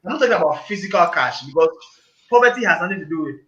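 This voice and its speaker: High, bright-voiced man, emphatic and preachy. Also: animated, very fast. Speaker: panel guest. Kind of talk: casual group discussion. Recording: echoey room, dull lo-fi sound.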